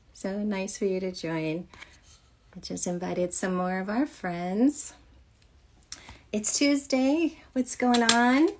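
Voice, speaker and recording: A woman's voice: medium pitch, creaky, dark tone. A woman from Michigan hosting a casual livestream chat about children's books, upbeat and chatty, laughing often. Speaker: host of a children's author show.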